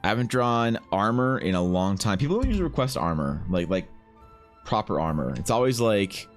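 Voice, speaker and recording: A young man with a fairly low, lively voice chats casually to his viewers while he draws. His voice is slightly rough, and he bounces around in pitch as he swears, jokes and reads requests. Faint music plays underneath. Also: fairly quick. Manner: animated, swearing, bantering with chat. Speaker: art streamer. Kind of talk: casual live-stream chat.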